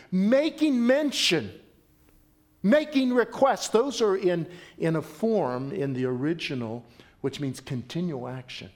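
A middle-aged male pastor preaching a sermon in an emphatic, conversational way, often jumping up in pitch and volume. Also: unhurried.

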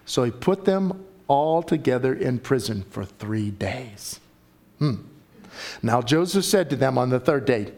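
A man preaching a sermon and reading scripture aloud, animated and acting out the story's voices. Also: medium pitch, measured pace. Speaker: pastor.

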